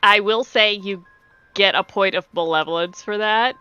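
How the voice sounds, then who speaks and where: A woman running a tabletop game as game master, unhurried and thinking aloud. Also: mid-range voice, pushed and bright, clean tone, no room sound, faint music behind. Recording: dull lo-fi stream audio.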